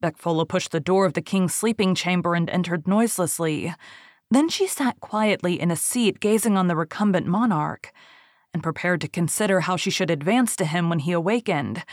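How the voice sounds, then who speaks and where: A woman narrating a storybook in a measured, literary way. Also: fairly low pitch, no echo, studio quality. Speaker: reader.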